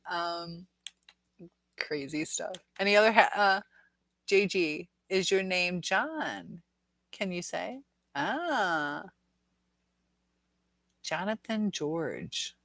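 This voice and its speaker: Reading her viewers' chat out loud, this livestream host keeps things casual, rambling, and chatty, laughing frequently. Her voice is lowish and a bit bright, with no room sound in the recording.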